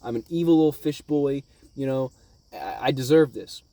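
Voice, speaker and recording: A man's voice: mid-range voice, normal speed, warm tone, no room sound, natural voice. A man voicing a remorseful male fishman pirate who pleads and blames himself. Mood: pleading. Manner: pleading, self-blaming.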